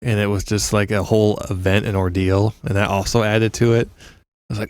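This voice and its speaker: A man co-hosting a podcast in casual chat, telling animated stories and leaping into high excited impressions. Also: quick pace, clean tone, no room sound. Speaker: podcast co-host.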